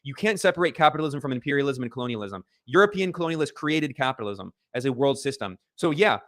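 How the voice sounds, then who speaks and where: A man's voice: mid-range voice, lively intonation, quick pace, a bit bright. A man making a political argument in an insistent, lecturing manner. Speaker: political commentator.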